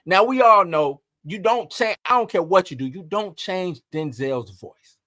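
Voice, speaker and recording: A man hosting an entertainment news commentary, talking in an animated, emphatic way and piling up rhetorical questions. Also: high-pitched, a little slow, no echo, clean studio sound. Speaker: host.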